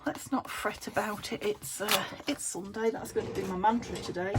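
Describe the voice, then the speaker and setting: A British woman chatting casually as she crafts at home, rambling, thinking aloud and dropping into soft muttered asides. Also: medium pitch, a little slow. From United Kingdom. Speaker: craft vlogger. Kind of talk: casual chat while crafting. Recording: steady background noise.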